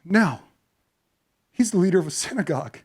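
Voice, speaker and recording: A male pastor preaching a sermon, telling a story dramatically, acting out voices and moving from hushed to loud. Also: sits high, lively intonation, normal speed, breathy edge.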